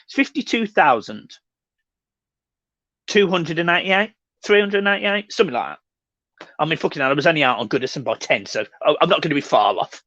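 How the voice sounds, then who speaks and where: A young man hosts a fan livestream, reading chat comments with sweary, laddish humour. His voice sits fairly high. The sound is dry and a little muffled. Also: animated, brisk, pauses often, fairly bright tone, no room sound. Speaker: fan channel host reading live chat.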